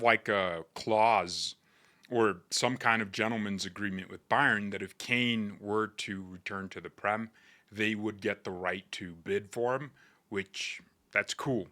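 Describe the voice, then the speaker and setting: Man, fan vlog host, very bright voice, excitable, joking. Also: fairly low pitch. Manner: hyped, joking, over-the-top praise.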